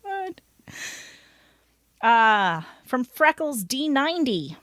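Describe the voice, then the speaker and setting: Woman podcast host reading stories, giggly and animated, kinda high voice, dry close mic. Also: unhurried, dry recording. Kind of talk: casual chat, reading stories aloud.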